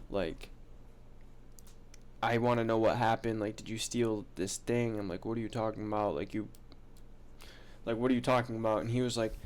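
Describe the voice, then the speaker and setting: A man's voice: medium pitch, darkish tone. A young man telling a story in a casual, rambling way, full of slang, swearing and "like". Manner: profane slangy rambling, heavy use of "like".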